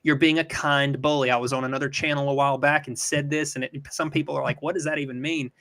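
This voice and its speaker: A man's voice: medium pitch, level tone, fast, creaky, fairly bright tone, clear, resonant tone. A middle-aged man hosting a call-in livestream, talking earnestly and emphatically and cursing when he gets worked up. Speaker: livestream host. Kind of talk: casual call-in livestream chat.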